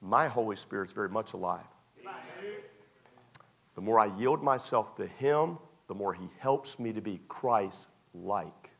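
A man preaching a sermon as pastor, emphatic and repetitive, often dropping to a quiet tone. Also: fairly low pitch, expressive, measured pace, gravelly, husky.

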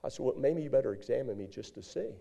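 A middle-aged male preacher telling a story in a sermon, animated, with sudden high outbursts. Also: fast, creaky.

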